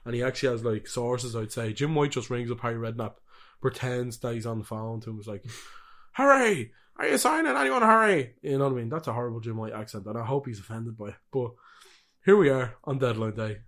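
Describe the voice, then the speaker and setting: A man's voice: mid-range voice, steady tone, fast, a little mellow. A young man from co-hosting a football podcast, rowdy, sweary and laughing a lot. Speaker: podcast co-host. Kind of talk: casual football podcast chat.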